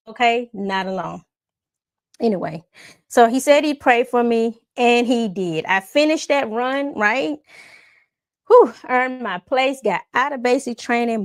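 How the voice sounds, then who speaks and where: A woman vlogger telling a personal faith story in a casual, animated way, with folksy asides to her viewers and frequent laughs. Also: a little high, dry recording, clean studio sound. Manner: laughs often while talking. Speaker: faith and self-development vlogger.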